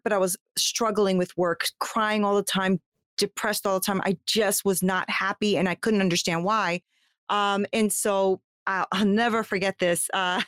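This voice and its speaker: Speaking in a smooth, mid-range voice, an American woman shares her life story as a guest, candid and warm, chatting freely with lots of fillers and false starts. The recording is dry and studio quality.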